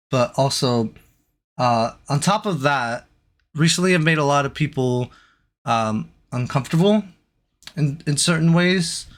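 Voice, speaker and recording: On a stream, a man offers a halting, uncertain apology, restarting sentences and filling gaps with ums and uhs. His voice sits at a middle pitch for a man and has a fairly bright tone.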